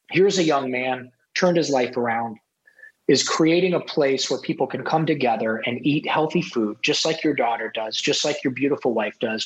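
A middle-aged man, a podcast guest, telling a personal story in an animated way and acting out the dialogue. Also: mid-range voice, rough recording. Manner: animated, acts out quoted dialogue.

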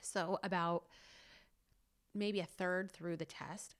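Podcast host lady rambling on, lots of "like", kinda low voice. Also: steady tone, takes it slowly, pauses often. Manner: gushing, rambling storyteller full of "like". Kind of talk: casual chat.

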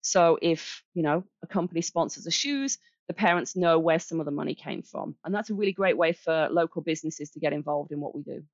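A woman's voice: low-pitched, a little fast, few pauses, no room sound, dull audio. A woman from England with a Birmingham accent, speaking as a charity director in a casual interview, explaining things in a friendly, plain-spoken way. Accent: Birmingham English.

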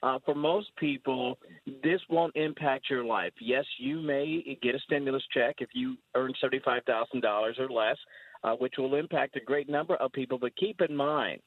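A man's voice: fairly high pitch, no echo. A man working as a White House correspondent, talking wryly and conversationally as a guest on a radio show. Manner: wry, conversational and sardonic. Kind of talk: call-in radio interview. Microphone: phone. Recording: tinny phone line.

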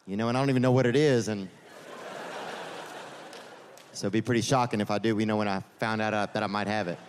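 A man's voice: fairly low pitch, steady tone, quick pace, noisy background. A man doing a stand-up comedy set on a theater stage, rambling through meandering digressions and leaning on "man" and "you know.". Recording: reverberant theater with faint audience ambience.

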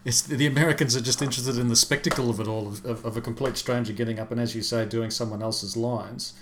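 A man's voice: mid-range voice, steady tone, quick pace, a little hiss or hum. A man co-hosting a podcast, giving his views in a blunt, opinionated way. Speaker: podcast co-host. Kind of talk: casual chat.

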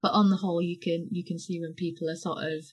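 A woman improv performer talks as a podcast guest, her voice sitting fairly low. She tells her stories with a laugh never far off. She slips into little voices to act out the people in them. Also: fast talker, slightly rough. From North West England. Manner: animated storyteller, laughs often, acts out voices. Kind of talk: casual interview chat.

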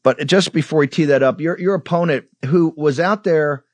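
Male political talk host, combative and mocking, jumps between fast rants and slow emphasis, dry close studio sound. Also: on the high side, no echo. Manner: combative, sarcastic, mocking, rapid-fire. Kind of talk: fiery political commentary.

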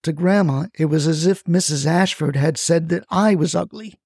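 A man tells a scripted tale in a wry, folksy manner, his voice gravelly and mellow. He is recorded close and dry. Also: a little high, moderate pace, no room sound. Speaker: storyteller, the grandson. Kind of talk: scripted narration.

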